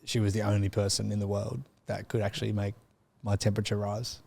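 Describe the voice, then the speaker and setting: Gravelly, mild-mannered man. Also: lowish voice, monotone, quick pace, a loud crowd. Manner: mild, soft-spoken, self-deprecating. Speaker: guest co-host. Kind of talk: casual chat.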